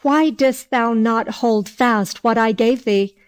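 A stern old father wind from a fairy tale, scolding a foolish man, as a woman reads him aloud. The lines come slowly and deliberately, in a fairly high voice. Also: smooth. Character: gruff old male wind spirit, scolding.

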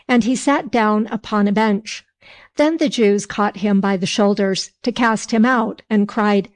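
Slow-reading woman storyteller. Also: medium pitch. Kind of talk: reading a folk tale aloud.

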